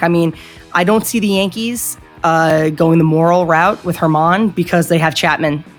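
Blunt, swearing woman podcast host. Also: fairly low pitch. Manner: blunt, opinionated, swears freely. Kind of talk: casual podcast chat.

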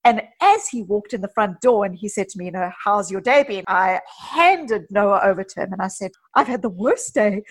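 A middle-aged woman with a slightly husky, breathy voice, speaking as a guest psychologist on a podcast. She talks in an animated, storytelling way, weaving in anecdotes and quoted lines. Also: mid-range voice, normal speed, hardly any pauses. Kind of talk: conversational podcast interview.

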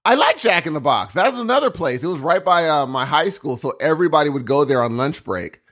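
Slightly high in pitch and a touch fast, a male podcast co-host chats informally. He's a lively storyteller who breaks into silly voices along the way.

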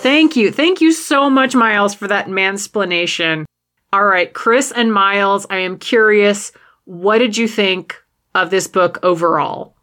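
A woman's voice: medium pitch, unhurried, a bit bright, soft background music. A woman hosting a podcast, chatting casually with eager reactions and questions to her guests. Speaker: podcast host. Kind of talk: casual chat.

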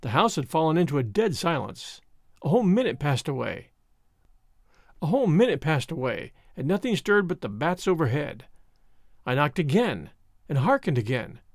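Expressive male audiobook narrator. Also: fairly high pitch, no room sound, studio quality. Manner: measured storytelling, voicing the characters. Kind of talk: scripted narration.

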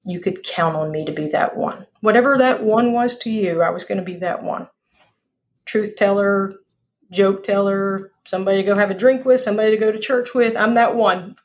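A woman's voice: medium pitch, normal speed, slight background noise. Woman guest, folksy and emphatic delivery, mid-range voice. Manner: folksy, emphatic, repeats phrases for effect. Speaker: podcast guest, speaker. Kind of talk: casual interview chat.

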